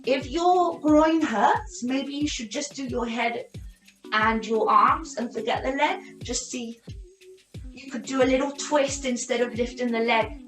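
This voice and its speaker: Calm woman cueing a yoga class. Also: sits high, measured pace. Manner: calm, cueing breath and counting reps. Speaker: yoga and pilates instructor. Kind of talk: guided exercise class instruction. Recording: echoey room with soft music.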